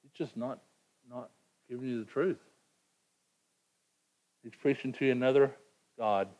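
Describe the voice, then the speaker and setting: A man's voice: mid-range voice, fairly even intonation, a little slow, a little mellow, highs cut off. A man preaching a sermon in an earnest, emphatic way, often repeating words as he presses a point. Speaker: pastor.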